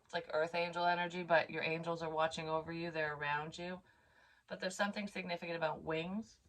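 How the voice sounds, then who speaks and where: A woman with a somewhat low voice gives a casual psychic card reading to her viewers. She rambles and thinks aloud, with plenty of fillers. She sounds like someone in her thirties or forties. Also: level tone, a little fast, a bit bright. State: tearful at times.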